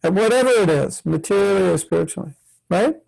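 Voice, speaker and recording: Gravelly older man teaching children. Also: high voice, animated, a little fast, darkish tone, poor audio. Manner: patient, questioning, acts out chanting examples. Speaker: spiritual teacher. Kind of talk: online workshop for children. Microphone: video call.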